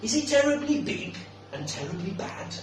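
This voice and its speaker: A man's voice: high-pitched, big pitch swings, normal speed, faint music behind. A man doing a little monster child. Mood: curious. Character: small brave monster child, curious. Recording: echoey room, mic far off.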